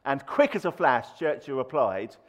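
In a sing-song, mid-range voice at a normal speed, this preacher keeps his sermon conversational, with fillers and false starts. Quoted speech gets acted out in a louder voice.

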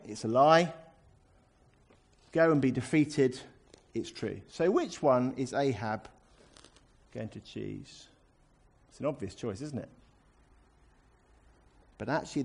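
Animated preacher, mid-pitched. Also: male voice, husky. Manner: animated, conversational, acts out scripture. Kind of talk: expository sermon.

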